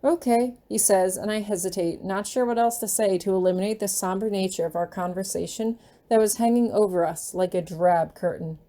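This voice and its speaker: Woman, mellow voice, mid pitch, gentle unhurried reading, fan fiction audiobook. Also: fairly even intonation.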